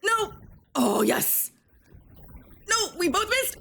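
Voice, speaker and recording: A young woman live-streaming while she games and chats with her viewers, muttering one moment and breaking into loud outbursts the next, with a cough that keeps coming back. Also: medium pitch, moderate pace, long pauses. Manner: excitable, swings between muttering and loud outbursts. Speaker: gaming streamer.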